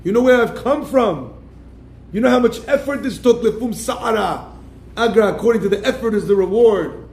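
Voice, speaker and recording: A lively man preaches as a rabbi, voice sitting high for a man and slipping into quoted characters as he goes. The room rings with echo, with a faint hum of ambience underneath. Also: moderate pace. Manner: animated, acts out the people he quotes; keeps addressing listeners as "my friends". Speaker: rabbi giving a class. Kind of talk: sermon. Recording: echoey room.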